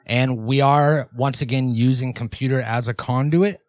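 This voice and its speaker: A man co-hosting a comedy podcast, talking in a deadpan, mock-serious way with lots of fillers. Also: mid-range voice, normal speed, no echo. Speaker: podcast co-host. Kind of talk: casual comedic podcast chat.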